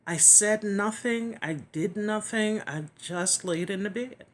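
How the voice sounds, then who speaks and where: A woman giving a heartfelt personal testimony, earnest and reflective, often pausing and sometimes dropping to a whisper. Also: medium pitch. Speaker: chronic illness vlogger.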